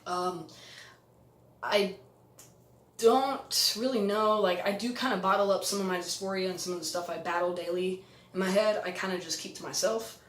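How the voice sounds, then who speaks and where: A young adult man talking candidly in a personal vlog, reflective and halting, with frequent restarts. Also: sits high, a bit bright. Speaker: vlogger. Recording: echoey room.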